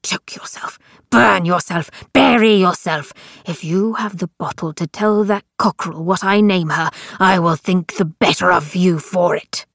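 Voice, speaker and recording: A croaking, gravelly old marshal, as a woman narrator puts him on, stern and solemn, scolding in an old-fashioned way. His voice sits a touch lower than her own and has a rough, crackly grain. It is dry and close, as in a storybook recording. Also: measured pace, a bit bright, no echo, full character voice. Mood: contemptuous. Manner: solemn, scolding, archaic speech.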